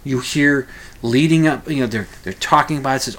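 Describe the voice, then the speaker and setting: A man's voice: medium pitch, a little fast. Rambling man talking solo. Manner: rambling, animated, with frequent restarts. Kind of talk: casual solo monologue.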